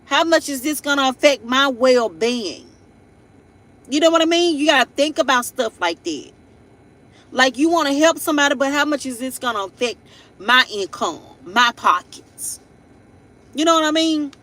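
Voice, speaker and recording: A woman's voice: high-pitched, expressive, moderate pace, a bit bright, rough recording. A woman hosting a casual live tarot reading. She rambles in a blunt, playful way, with laughing asides and frequent tag questions. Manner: blunt and playful, with slangy everyday speech. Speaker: tarot reader and live-stream host.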